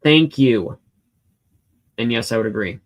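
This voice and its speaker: A man's voice: mid-range voice, lively intonation, measured pace. A man in his home hosts a live question-and-answer stream, reading out viewer comments. His voice sits in an ordinary middle range. He talks in a loose, rambling way, full of fillers and restarts. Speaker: livestream host answering chat questions. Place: home room with a cat.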